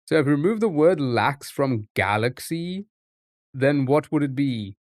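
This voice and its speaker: A man streaming from home, talking through his thoughts in a rambling, repetitive way. He speaks at a mid pitch, and the sound is close and dry with no room echo. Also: expressive, a little slow. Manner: rambling, thinks aloud, repeats phrases. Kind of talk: casual live-stream chat.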